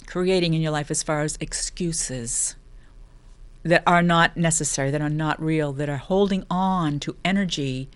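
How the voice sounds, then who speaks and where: Rambling, animated woman host. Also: lowish voice. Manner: rambling, animated, with many restarts and playful asides. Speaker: host of a lifestyle show. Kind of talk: casual spoken talk on self-help.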